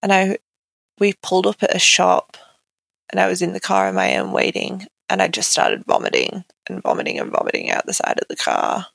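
A woman's voice: medium pitch, wildly swooping pitch, fairly quick, creaky, a bit bright, dry recording. A young woman as an interview guest, telling her own story candidly and conversationally, with many "like" fillers. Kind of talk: personal account in an interview.

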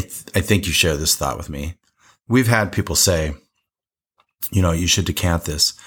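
A man's voice: sits low, husky. A man co-hosting a casual wine tasting show, chatty and rambling, laughing often.

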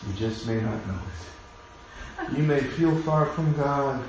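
Earnest pastor in a very echoey room. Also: male voice, medium pitch, animated, slow, noisy background. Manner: earnest, pleading, softening to a hush in prayer. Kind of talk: sermon and closing prayer. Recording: very echoey room with faint ambience.

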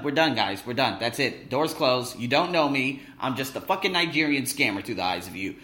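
A man talking in a casual vlog monologue, excitable, boastful and full of swearing, as an English teacher vlogger. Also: medium pitch, a little fast, few pauses, echoey room.

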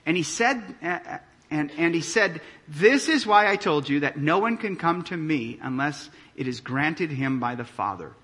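A man preaching a sermon, reading scripture aloud and explaining it with animated emphasis. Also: a little high, measured pace. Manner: animated preaching, reads scripture aloud, drops to quiet intensity. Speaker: pastor.

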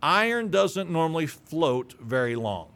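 A man's voice: fairly high pitch, big pitch swings, unhurried, a bit bright. A man preaching a sermon, reading scripture aloud and retelling it with emphatic storytelling.

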